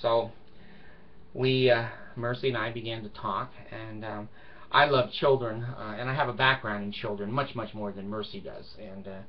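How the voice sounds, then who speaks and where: A man's voice: on the low side, steady tone, normal speed, lo-fi sound, slight background noise. Blunt, profane older man storyteller. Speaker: vlogger. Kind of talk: casual storytelling monologue.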